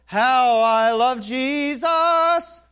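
A sanctimonious churchgoer croons his love for God in a loud, high, stretched-out sing-song, as a preacher puts him on in mockery. The voice sits far above the preacher's own and lingers on every word. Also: drawn-out words, clear, resonant tone, faint music behind, heavily acted. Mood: mocking croon. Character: sanctimonious adult churchgoer crooning about loving Jesus.

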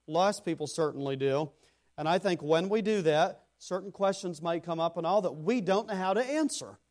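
A man preaching a sermon to a congregation. He builds to loud emphatic phrases, then drops into quiet, low asides, and addresses listeners by name. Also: moderate pace. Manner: speaks to congregation members by name. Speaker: pastor.

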